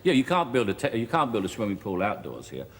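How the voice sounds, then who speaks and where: A man's voice: on the low side, wildly swooping pitch, quick pace. A man with a Cockney accent, a talk show guest telling jokey anecdotes with stammered restarts. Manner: wry, joking, with stammered restarts. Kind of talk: chatty anecdotal interview. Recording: archive TV studio with hall echo and faint hiss.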